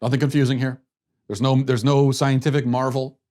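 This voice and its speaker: A man's voice: mid-range voice, flat delivery, normal speed, a little mellow. Sarcastic male political commentary host. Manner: sarcastic, mocking, with frequent restarts.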